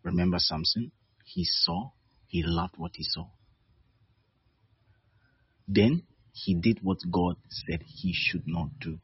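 A man's voice: deep voice, big pitch swings, slow, creaky, long pauses, husky, no room sound, lo-fi sound. A man preaching a sermon as pastor, conversational and teasing, laughing between points.

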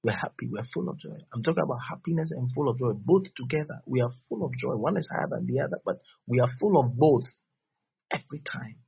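A man preaching a sermon as pastor, repeating phrases and swinging between loud bursts and soft drops. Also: medium pitch, animated, fast talker. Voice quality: husky. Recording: dull lo-fi recording.

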